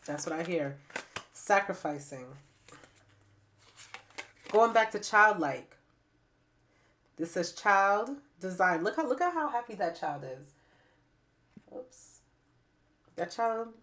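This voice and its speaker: Woman tarot reader, low-pitched voice, stuffy and raspy from a cold, emphatic and repetitive. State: stuffy nose and raspy throat. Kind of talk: spiritual reading to camera.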